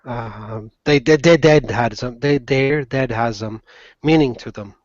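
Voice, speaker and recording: A man voicing an earnest, gentle gnome adventurer who speaks in a measured way, on a dry, slightly dull lo-fi recording. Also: medium pitch, no echo, close to an everyday voice.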